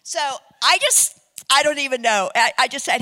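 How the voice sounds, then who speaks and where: A woman preacher telling a testimony story as a sermon, animated and laughing, then dropping to hushed tones. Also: high-pitched, normal speed, big-room sound.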